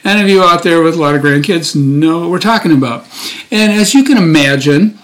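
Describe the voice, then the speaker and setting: A man's voice: on the high side, lively intonation, a little fast, fairly bright tone. A deacon in his sixties giving a chatty, informal daily gospel reflection, full of fillers and restarts.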